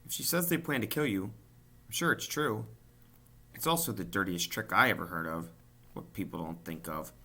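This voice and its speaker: A man doing a brisk, firm spider lady. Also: lowish voice, gravelly, bright, forceful tone, breathy edge, heavily acted. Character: wise female spider, calm and brisk.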